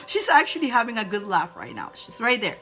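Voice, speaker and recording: Woman, middle-aged, bright and a bit high, effusive live-stream reading host. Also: wildly swooping pitch, brisk, soft background music. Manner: emotional and effusive, laughs often, talks straight to viewers.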